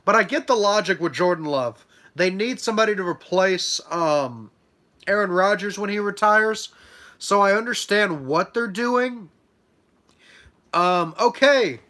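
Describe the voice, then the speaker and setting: A man's voice: high-pitched, lively intonation, unhurried, pushed and bright. A young man with a stuffy nose from allergies, chatting casually on a live stream as he reacts to draft picks and hands out grades, with lots of ums and uhs. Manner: chatty, many fillers, hands out letter grades. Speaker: livestream host reacting to a sports draft.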